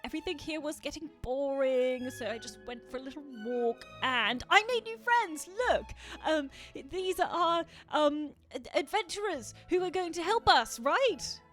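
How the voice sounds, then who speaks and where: A woman's voice: sits high, expressive, moderate pace, hardly any pauses, fairly bright tone, soft background music, pitched above the performer's own voice. A woman voicing a sheepish, breezy young prince who wheedles to get out of trouble. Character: sheepish young prince apologizing to his father.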